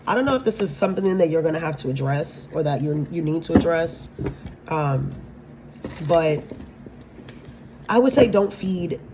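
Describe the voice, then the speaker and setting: A woman's voice: sits low, animated, normal speed, long pauses, background noise. A woman giving a spiritual tarot-style reading, talking bluntly, swearing freely and often asking her listeners if they understand. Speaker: tarot reader.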